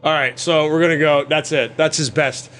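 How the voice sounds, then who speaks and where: A man with a high, lively voice hosts a casual podcast chat. He talks in an animated, profane way and keeps slipping into quick impressions between his points. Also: faint music behind. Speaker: podcast host.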